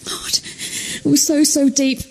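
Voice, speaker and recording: A woman's voice: sits high, flat delivery, unhurried, gravelly. A frightened woman near tears, speaking in panicked breathless bursts and shaky whispers while alone underground. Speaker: radio show participant in haunted mine. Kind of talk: live on-location reporting.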